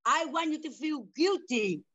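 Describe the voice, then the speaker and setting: A woman's voice: high voice, expressive, measured pace, a bit bright, no room sound, highs cut off. An older woman talking heatedly with her daughter in broken, repetitive non-native English, confronting her. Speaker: mother in a family talk show. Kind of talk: heated family conversation.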